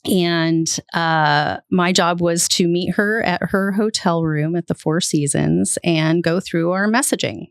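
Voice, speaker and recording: A woman's voice: fairly low pitch, slow, hardly any pauses, smooth, dry recording, clean studio sound. A middle-aged woman, a public relations executive, vividly telling a story as a podcast guest.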